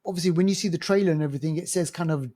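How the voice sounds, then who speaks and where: A man with a London accent co-hosts a film podcast, talking rapid-fire in a dark-toned voice on the high side. His chat is casual and rambling, packed with fillers and restarts.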